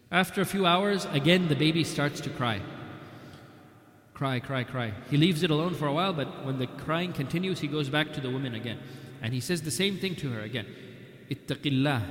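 A man giving a storytelling lecture on early Islamic history, animated and acting out the dialogue. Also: fairly high pitch. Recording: echoey hall.

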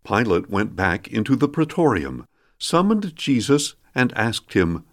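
A man reading scripture aloud in a measured, solemn way, as the regular reader of a daily podcast. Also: lowish voice, very animated.

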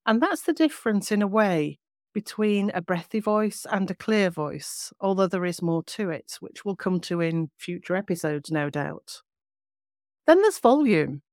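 A woman voice coach explaining vocal technique in a clear, measured teaching manner. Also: lowish voice, a little mellow, no room sound, clean studio sound. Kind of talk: podcast teaching.

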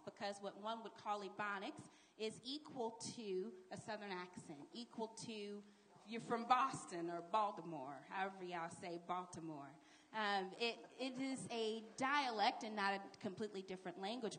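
Middle-aged woman, panel guest, lively and emphatic telling of a story. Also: medium pitch. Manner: animated storyteller with emphatic asides. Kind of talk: speaking on a live panel.

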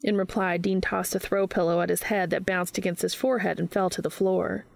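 A woman reading fan fiction aloud in a steady, even narrating voice. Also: on the low side, fairly quick, vocal fry, dry recording.

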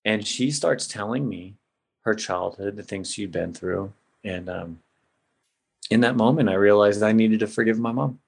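A man's voice: fairly low pitch, normal speed, creaky, husky. A middle-aged man telling an emotional personal story in a casual, heartfelt way as a podcast guest. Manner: casual, emotional, says "man" and "bro" a lot.

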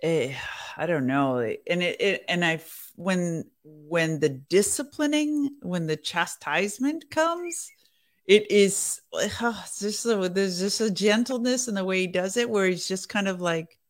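An earnest co-host reads passages aloud slowly and then talks them over in a casual faith chat. The voice sits at a middle pitch and breaks into light laughter now and then. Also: lively intonation.

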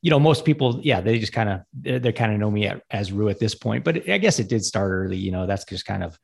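Gravelly-voiced man, laid-back guest. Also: on the low side, animated, darkish tone. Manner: halting, many fillers and restarts, laid-back. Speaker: podcast guest co-host, firefighter. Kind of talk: casual podcast chat.

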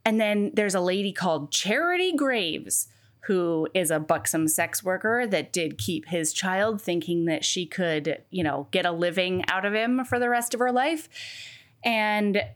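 A woman in casual book chat, retelling a story in an animated way with casual swearing. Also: fairly low pitch, measured pace.

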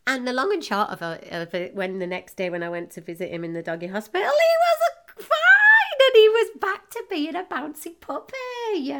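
A middle-aged woman hosting a podcast, telling a personal story emotionally, with halting restarts. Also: medium pitch. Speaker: podcast host.

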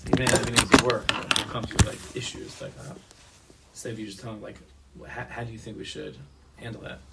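A man's voice: medium pitch, level tone, brisk, gravelly. A man taking part in a class discussion, speaking hesitantly and with many fillers. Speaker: class participant. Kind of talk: casual discussion. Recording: noisy recording.

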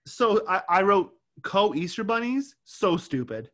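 In a casual movie review on the podcast he co-hosts, a man with a high-sitting voice talks at a measured pace. He grows exasperated and lively about the movie, cursing when he gets riled.

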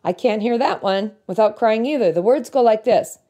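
A woman giving an earnest, reflective devotional talk, reading song lyrics slowly and thoughtfully. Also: fairly high pitch, lively intonation, mellow. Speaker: Christian speaker.

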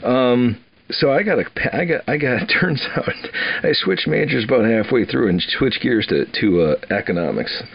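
A man's voice: medium pitch, lively intonation, normal speed, gravelly, breathy edge, dry recording, dull audio. An older man from Wisconsin telling his life story casually, rambling and repeating words with frequent chuckles.

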